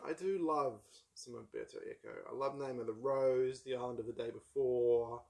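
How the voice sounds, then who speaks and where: A man with a New Zealand accent chats casually about books, rambling and wry, with plenty of ums and asides. His voice sits at a middling pitch for a man. He hosts in a relaxed, offhand way. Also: moderate pace, vocal fry. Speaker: book channel host. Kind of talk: casual book haul chat.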